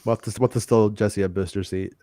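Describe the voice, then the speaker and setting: A man's voice: lowish voice, fairly even intonation, fast talker, dark tone, dry recording, studio quality. A man hosting a casual live-streamed podcast, talking in a joking way with lots of stammered restarts. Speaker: podcast host.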